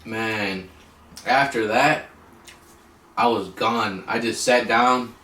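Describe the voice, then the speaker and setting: A man's voice: lowish voice, steady tone, slow, sharp tone. A young man telling a story in casual chat, laid-back and hesitant, with ums. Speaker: co-host. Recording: roomy echo, mic at a distance.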